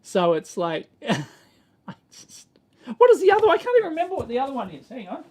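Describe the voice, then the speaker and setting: A man's voice: very high-pitched, wildly swooping pitch, normal speed, husky. A middle-aged Australian man hosting a casual electronics livestream, rambling and exasperated, chuckling as he answers the chat.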